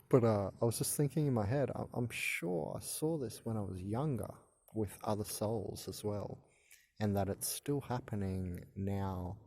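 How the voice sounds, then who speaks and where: Talking to the camera on his own channel, the host, a man in his thirties, rambles hesitantly and keeps stammering and restarting. He has a lowish, dark voice, speaks a little slowly, and the recording has no room sound.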